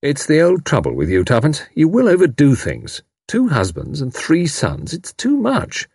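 Narrator doing a dry sceptical young spy guy, husky voice, grave and gloomy. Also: fairly high pitch, huge pitch swings, moderate pace, a little mellow, dry recording, voice pushed up, heavily acted.

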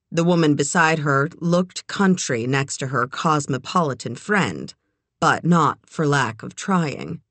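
A woman narrating a novel in a measured, expressive way. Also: sits low, dry recording. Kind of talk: audiobook narration.

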